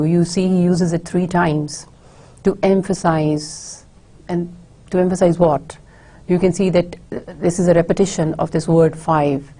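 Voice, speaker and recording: A woman with a fairly low, dark voice delivers a university literature lecture recorded for an online course. She explains things steadily but uses frequent filler words.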